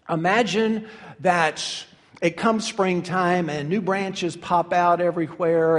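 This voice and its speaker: A man's voice: fairly high pitch, a bit bright, in a large hall. A man preaching a sermon as pastor, earnest and building to emphatic peaks.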